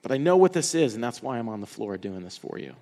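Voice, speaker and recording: A man's voice: medium pitch, very animated, quick pace, warm tone, long reverb tail. A man preaching a sermon in an earnest way, restarting and repeating words as he builds emphasis. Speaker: pastor.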